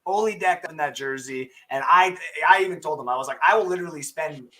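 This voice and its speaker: A man's voice: fairly high pitch, fast, bright, forceful tone. A man hosting a sports podcast, chatting casually and emphatically with a guest, joking and talking over him. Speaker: podcast host.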